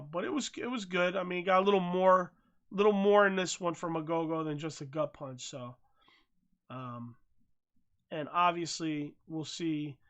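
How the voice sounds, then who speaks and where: An American podcast host giving casual, profane commentary that swings from mumbled asides to loud rants. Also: medium pitch, muffled recording. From United States.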